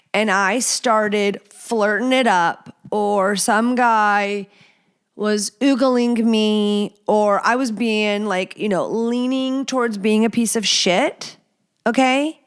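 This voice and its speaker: A woman in her thirties hosting a casual solo podcast, talking bluntly and profanely, and acting out quotes with lively storytelling. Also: medium pitch, smooth. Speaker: podcast host.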